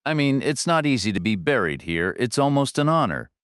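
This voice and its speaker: A man voicing a calm female government agent who asks quiet, gently probing questions. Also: medium pitch, brisk, clean tone, dry recording, clean studio sound, voice pushed up. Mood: quiet questioning.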